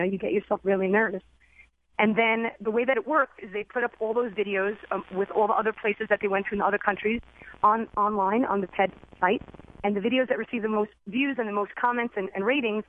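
A woman and former teacher, a guest in an interview, telling her personal story in an earnest, excitable way over the telephone. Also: mid-range voice, no echo. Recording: tinny phone line, dry.

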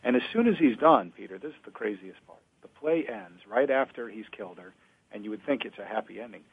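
A man with a husky, slightly low voice recounts the scenes of an old play with storytelling energy. His sound comes through thin and boxy, like a phone line. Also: a little fast. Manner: storytelling, animated retelling of a play. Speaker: scholar discussing ancient drama. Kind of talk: conversational discussion.

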